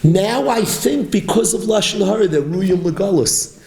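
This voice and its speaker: A man giving a sermon as a rabbi, preaching emphatically and with animated, rising exclamations. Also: high-pitched, measured pace, vocal fry. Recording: roomy echo.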